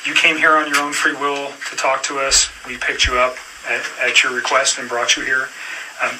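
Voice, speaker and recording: Calm male detective, distant and noisy. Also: mid-range voice, normal speed. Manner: calm, procedural, with frequent fillers. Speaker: police detective. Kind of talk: police interview questioning. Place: police interview room. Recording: distant room recording with clear noise.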